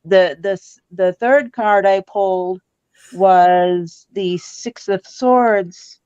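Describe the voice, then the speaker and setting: A woman's voice: medium pitch, drawn-out words, a little mellow, smooth, no room sound, dull audio. A woman chatting casually as a tarot-reading co-host, rambling and repeating her words. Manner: rambling, repeats words, quotes people in little voices.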